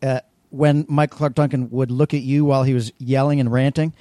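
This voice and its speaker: Middle-aged male podcast co-host, quick and mellow, loose filler-heavy chat. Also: medium pitch, level tone, no room sound. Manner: quick talker with frequent "like" fillers. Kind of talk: casual chat.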